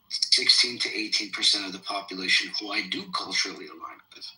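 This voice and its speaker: A man's voice: medium pitch, pushed and bright. A man hosting a podcast and arguing in a heated debate, combative, profane and lecturing. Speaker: podcast host. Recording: roomy echo.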